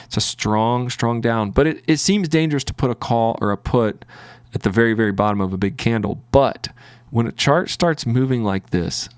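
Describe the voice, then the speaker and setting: A man's voice: mid-range voice, normal speed, clean tone, dry recording, studio quality. A man with a Southern US accent, hosting a trading video and narrating his screen in a rambling way with many fillers. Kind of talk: casual screen-recording commentary.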